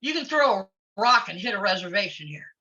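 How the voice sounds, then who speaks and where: A woman, a former wrestler, chatting openly in an interview, outspoken and quick to laugh. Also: mid-range voice, sing-song, pushed and bright, breathy edge. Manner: outspoken and blunt, laughs easily. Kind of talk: casual interview chat. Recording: lo-fi audio.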